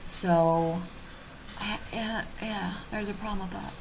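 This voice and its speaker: A woman's voice: medium pitch, steady tone, takes it slowly, creaky, darkish tone, slight background noise. A woman livestreaming casual chat, reading viewer comments and ranting bluntly with plenty of swearing. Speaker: YouTuber streaming live.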